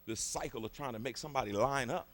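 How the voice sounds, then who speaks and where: A man preaching a fervent sermon in a colloquial, repetitive style, rising to shouts at its peaks. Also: medium pitch, fast, a little hiss or hum.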